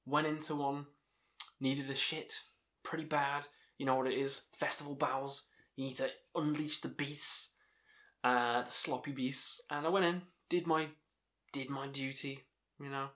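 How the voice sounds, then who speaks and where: A man's voice: on the high side, fairly bright tone. A young man telling rambling, sweary stories about festivals and laughing at himself. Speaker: channel host telling stories. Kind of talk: casual storytelling monologue.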